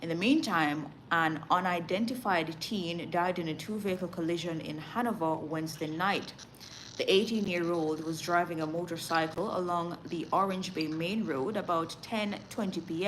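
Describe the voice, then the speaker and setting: A woman's voice: fairly low pitch, fairly bright tone, slight background noise, poor audio. A Jamaican woman reading the news and chatting with viewers, with laughing asides and a switch between patois and standard English. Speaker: news reader and live streamer.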